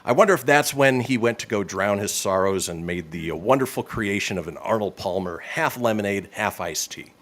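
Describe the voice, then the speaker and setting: A man's voice: on the low side, fairly quick, hardly any pauses. A man hosting a radio show, reading this-day-in-history items with casual, joking banter. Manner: lively, laughs often.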